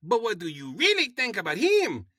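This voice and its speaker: A man voicing a carefree, happy male cult leader in a high, squeaky put-on Latin accent. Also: huge pitch swings, normal speed, sharp tone, dry recording, studio quality, full character voice. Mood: probing. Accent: Latin American put-on. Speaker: podcast co-host doing a character voice.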